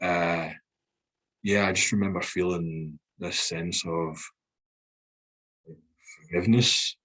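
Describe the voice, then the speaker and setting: Scottish guy on a podcast, low husky voice, frank and swears a lot. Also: fairly bright tone, low-quality recording. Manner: frank and reflective, swears freely. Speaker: guest. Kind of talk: candid podcast conversation.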